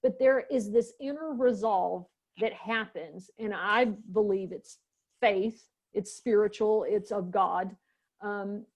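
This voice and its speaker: A woman's voice: mid-range voice, slow, a little mellow. A middle-aged woman hosting a heartfelt conversation, speaking in an earnest, reflective and emotional way. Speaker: host.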